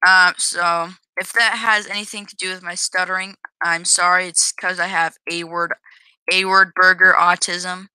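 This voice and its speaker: A woman talks over her gameplay in a casual, hesitant way, often restarting and correcting herself. Her voice is very bright and crisp. It is recorded dry and close, with no room sound. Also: on the low side, flat delivery, normal speed, no room sound, poor audio. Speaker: game developer showing own game.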